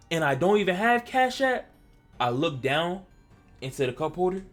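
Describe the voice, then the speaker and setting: A man from Delaware telling a personal story in casual vlog style, animated and stammering, acting out what he said back then. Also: mid-range voice. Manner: animated, stammering, acts out his own past lines. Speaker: storytelling vlogger.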